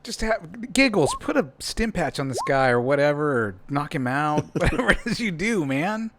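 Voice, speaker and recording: A man's voice: a little high, sing-song, normal speed, a bit bright, a little hiss or hum. A man playing a tabletop game, pushy and joking as he urges the others on. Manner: pushy, joking, urging violence. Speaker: player.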